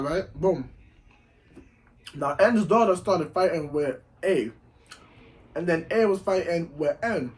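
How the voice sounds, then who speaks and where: A man casually telling a lively story while eating, acting out the voices of the people in it. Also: high-pitched. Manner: animated, acts out voices in quotes. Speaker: vlogger.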